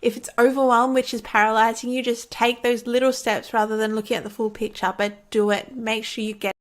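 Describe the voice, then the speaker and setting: A woman's voice: fairly high pitch, level tone, brisk. A woman who makes online courses, talking casually to camera in an encouraging, chatty way and laughing often. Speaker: online course creator and coach. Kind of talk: casual talk to camera teaching.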